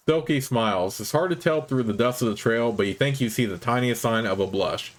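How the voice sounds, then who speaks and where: A man hosting a let's play, reading the game's narration aloud in a measured, even way. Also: medium pitch. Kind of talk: reading game text aloud.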